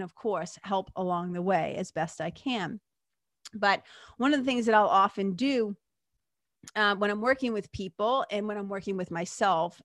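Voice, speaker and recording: A woman's voice: lowish voice, a bit bright, dry recording, clean studio sound. Earnest, chatty woman podcast host. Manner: conversational, earnest, with many fillers and asides; frank, with occasional swearing. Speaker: podcast host and spiritual teacher. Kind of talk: reflective monologue.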